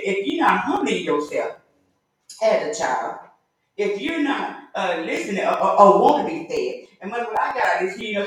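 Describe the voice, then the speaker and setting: A woman's voice: medium pitch, fairly bright tone. A woman teaching a Sunday school lesson in a conversational, folksy way, now and then acting out the voices of the people in her stories. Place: church room. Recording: very echoey room, voice from far off.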